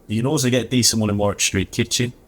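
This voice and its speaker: A man talking casually as a podcast guest, telling stories in a chatty, self-deprecating way with a husky voice. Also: mid-range voice, steady tone, rapid-fire, a bit bright. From England. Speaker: guest, coffee reviewer.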